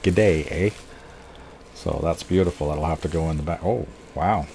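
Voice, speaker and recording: Middle-aged guy, really low voice, gets all excited opening comics, bit of hiss behind. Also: fairly quick, vocal fry. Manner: excitable, exclaims often. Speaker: comic book vlogger. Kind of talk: casual unboxing chat.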